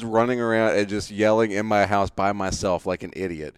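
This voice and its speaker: Lively low-voiced man telling a story. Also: fairly quick, smooth, dry recording, clean studio sound. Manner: animated, laughing storyteller. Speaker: podcast co-host, baseball fan. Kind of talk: casual chat, storytelling.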